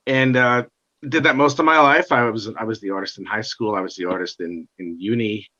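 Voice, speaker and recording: A middle-aged man telling his life story in a casual interview, animated and acting out the voices of others. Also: fairly low pitch, fairly quick. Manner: animated, acts out quoted dialogue. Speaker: guest comic artist. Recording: dull lo-fi sound.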